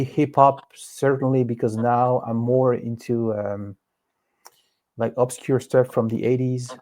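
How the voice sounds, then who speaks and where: A man with a French accent answers questions in a relaxed interview. His voice is mellow, and he hesitates and circles back as he talks. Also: mid-range voice. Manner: hesitant, many fillers and restarts. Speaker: guest.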